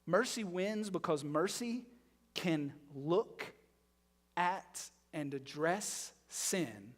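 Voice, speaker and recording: Male pastor, high-pitched, emphatic preaching with loud and hushed passages, recorded in a reverberant church hall. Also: very animated, slow pace. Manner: emphatic, rhetorical questions, shifts from loud to hushed. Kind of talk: sermon. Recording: long reverb of a large hall.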